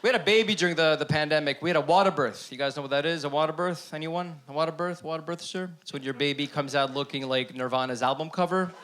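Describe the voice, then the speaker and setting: A man doing stand-up on a club stage, his voice sitting a little high and turning animated as he acts out the people in his stories. He talks into a handheld stage mic, and the live room carries clear audience noise under him. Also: fast, few pauses. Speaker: stand-up comedian. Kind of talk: stand-up comedy set.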